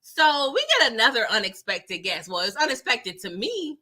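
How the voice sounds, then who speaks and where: A woman doing a casual live recap, chatty and animated, who laughs often and keeps checking in with "okay?". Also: on the high side, normal speed. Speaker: TV show recapper.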